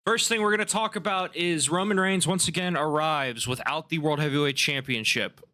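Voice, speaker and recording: Male podcast host, bright and slightly high, blunt and opinionated with casual swearing. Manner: opinionated, swears, quick asides. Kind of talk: casual wrestling recap.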